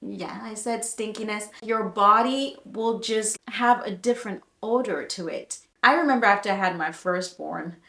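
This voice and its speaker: A woman's voice: medium pitch, normal speed, gravelly, hardly any pauses, fairly bright tone, echoey room. A woman nurse giving chatty, emphatic health advice straight to the viewer in a casual vlog.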